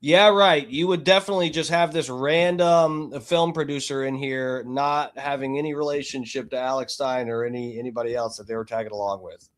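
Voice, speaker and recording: A man hosting a podcast, talking loudly and excitably in casual chat, with frequent swearing. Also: medium pitch, fairly quick, few pauses. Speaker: podcast host.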